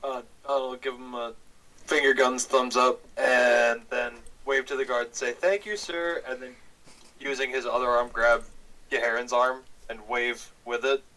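A man playing in a tabletop game, describing his character's actions in an animated, playful way, heard from away from the mic. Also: mid-range voice, measured pace, recorded from a distance, rough recording. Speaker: player. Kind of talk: casual tabletop play.

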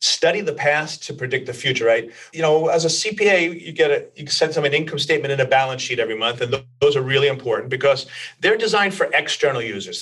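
A man's voice: a little high, a bit bright. Man, business guest, sounds a bit far from the mic, confident explainer, fillers. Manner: confident, explanatory, with many "you know"s. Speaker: company president and CEO, guest. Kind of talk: interview answers.

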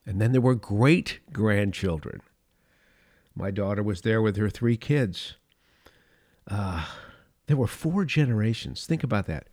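A man's voice: lowish voice, no echo, clean studio sound. Older man hosting a devotional podcast. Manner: relaxed storytelling, reads scripture aloud slowly. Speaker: podcast host.

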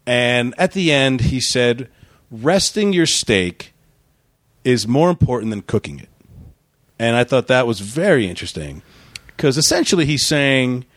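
A man hosting a casual comedy chat, playful and argumentative, riffing with jokey deadpan bits. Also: medium pitch, unhurried, no room sound, clean studio sound. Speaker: podcast host.

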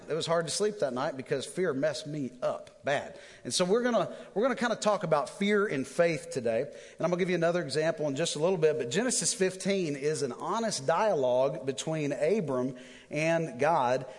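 A man in his thirties preaching a sermon, telling personal stories in an animated way with self-deprecating humor. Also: fairly high pitch. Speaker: pastor. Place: church auditorium. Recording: long hall reverb.

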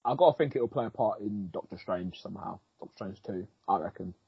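A man, co-hosting a podcast and excitedly recapping an episode in slangy, sweary casual chat. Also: on the low side, fairly quick, creaky, slightly rough, no room sound. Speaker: podcast co-host. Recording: dull lo-fi, dry.

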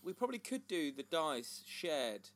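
A man's voice: a little high, big pitch swings, measured pace. A man in his thirties, co-hosting a casual chat in an upbeat, playful way. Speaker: podcast co-host.

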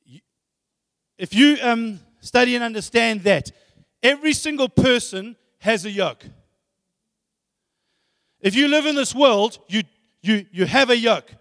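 A man preaches emphatically, repeating phrases and asking rhetorical questions. His voice sits very high and close to the mic, while a long hall reverb rings out around each phrase. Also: lively intonation, unhurried, pauses often, a bit bright. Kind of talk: sermon.

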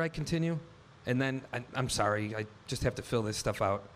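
A man's voice: on the low side, expressive, brisk, hardly any pauses, slight background noise. A man in his thirties telling a personal story on stage, wry and vivid, acting out the dialogue in his own words. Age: 30s. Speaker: live storyteller. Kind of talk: first-person story told live on stage.

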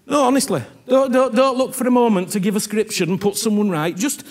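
A man preaching a sermon, earnest and animated, repeating himself and often asking whether he is understood. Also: high-pitched, brisk.

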